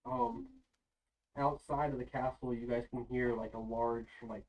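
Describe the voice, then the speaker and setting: A man's voice: medium pitch, big pitch swings, unhurried, darkish tone. A man running a tabletop game as game master, narrating in a loose, rambling way. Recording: voice sounding far from the mic.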